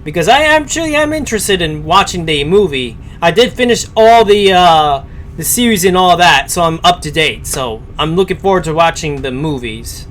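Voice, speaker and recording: A man's voice: a little high, lively intonation, moderate pace, fairly bright tone, a little hiss or hum. A man giving casual live-stream commentary as he reacts to a story, rambling and hesitant with many fillers.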